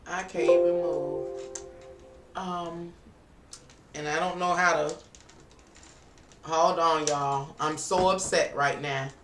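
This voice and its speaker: The speaker, a live streamer and tarot reader, talks casually to viewers while doing computer work indoors. A mid-range voice with fairly even intonation moves slowly, pausing often. A distant mic captures a roomy sound with faint music underneath.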